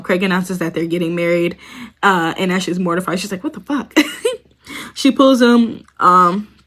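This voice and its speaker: A young woman talks her way through a casual recap of a show, peppering it with "like" and "um" and laughing as she quotes the characters. Her voice sits at a middle pitch, neither high nor low. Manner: chatty, frequent "like" and "um", bursts of laughter, mock-quoting characters. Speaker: commentary video host.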